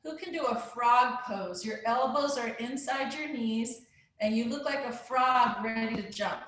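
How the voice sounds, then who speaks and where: A woman's voice: fairly high pitch, measured pace, fairly bright tone. A woman guiding a children's yoga class, playful and encouraging, making animal sounds along the way. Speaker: kids yoga teacher. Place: live virtual class. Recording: very echoey room.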